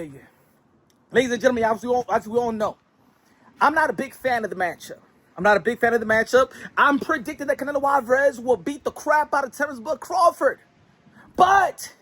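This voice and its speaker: A man hosting a casual boxing commentary vlog, animated, slangy and joking. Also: very high-pitched, no room sound.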